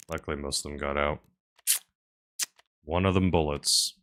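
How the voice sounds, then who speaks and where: A low-pitched man with a bright, forward edge to his voice, talking his way through a game stream. He rambles and muses aloud, one moment punching words out loudly, the next trailing off into quiet asides. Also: normal speed, pauses often, a little hiss or hum. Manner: rambling, chatty, musing aloud; swings between loud bursts and mumbled asides. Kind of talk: casual live-stream commentary while playing.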